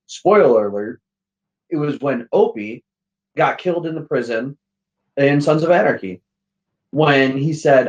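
A man, a podcast guest, telling stories in casual chat with lively, profane acted-out quotes. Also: on the high side, normal speed, muffled recording.

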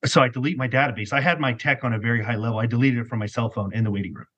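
A middle-aged man telling his personal story as a podcast guest, animated and rambling, peppered with "like". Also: medium pitch, rapid-fire, husky. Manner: animated, rambling, heavy use of "like". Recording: muffled lo-fi recording.

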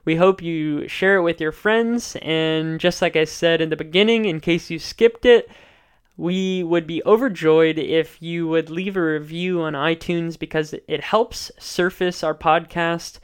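Smooth-voiced male podcast host. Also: a little high, fairly even intonation. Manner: measured, explanatory, enthusiastic about guests. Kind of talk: solo podcast recap.

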